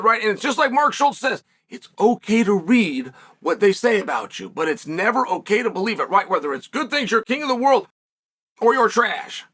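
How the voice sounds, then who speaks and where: Talking solo straight to his viewers, this male show host sounds high, bright and a touch husky, full of energy. He leans into emphatic drawn-out words and long, deliberate pauses.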